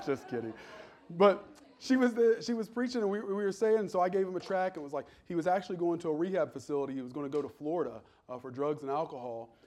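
A middle-aged male pastor delivering a sermon in a somewhat high voice. He builds to loud, ringing calls to his congregation, then drops into a soft, conversational telling of a personal story. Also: animated, quick pace. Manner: swings from loud preaching to quiet storytelling.

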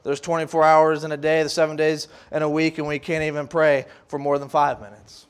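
A man's voice: on the high side, brisk, clear, resonant tone. A man giving a loose, conversational sermon as a youth leader, acting out the voices of scoffers. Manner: animated, acts out voices of scoffers; loose, conversational preaching with fillers and restarts.

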